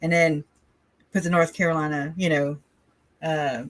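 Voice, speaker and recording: A woman's voice: low-pitched, steady tone, measured pace, dry recording. A woman from the Southern United States hosting a casual livestream, rambling and chatty, often laughing between her thoughts. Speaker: livestream host.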